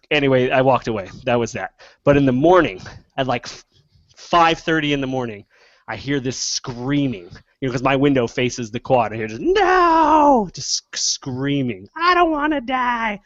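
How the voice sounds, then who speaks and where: A man with a New York accent spins a story in casual podcast chat, animated and full of laughs. His voice is dry and close, and it comes through dull, lo-fi video call audio. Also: mid-range voice, moderate pace, dry recording. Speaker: podcast co-host.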